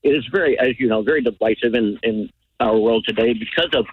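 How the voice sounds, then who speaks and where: An earnest, polite male caller who talks quickly. He comes through a narrow, tinny phone line. A faint hiss sits under his voice. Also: medium pitch. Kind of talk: radio call-in.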